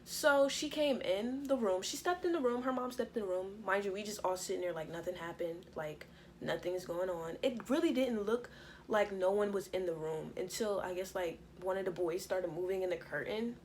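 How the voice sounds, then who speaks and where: A young woman vlogger telling a story in a casual, profane, animated way. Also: mid-range voice, normal speed, slight background noise. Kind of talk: storytime vlog.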